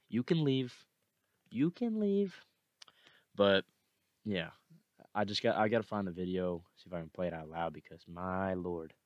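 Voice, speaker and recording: A young man hosts a motivational podcast in a low voice, recorded dry and close. He repeats his points with earnest, rising conviction. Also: steady tone, brisk, no echo, dull audio. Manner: earnest, repetitive, fired up. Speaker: podcast host.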